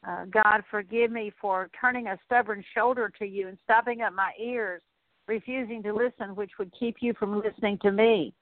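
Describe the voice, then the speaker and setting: A woman leading a slow, earnest spoken prayer of repentance in a repetitive litany. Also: mid-range voice, fairly even intonation, no room sound. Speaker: prayer minister. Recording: dry, tinny phone-like sound.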